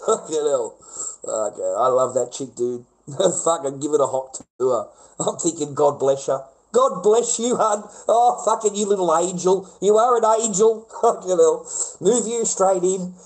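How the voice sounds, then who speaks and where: A man's voice: high voice, measured pace, poor audio. An Australian man livestreaming and chatting with callers in a rambling, profane, rowdy way. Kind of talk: casual livestream chat with callers.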